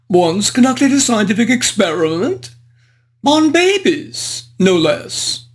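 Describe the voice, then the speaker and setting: This performer takes on the role of a foppish, frivolous English gentleman of the aristocracy, delivering a book review in character. The diction is ornate, genteel and old-fashioned, and the pitch sits at a medium level.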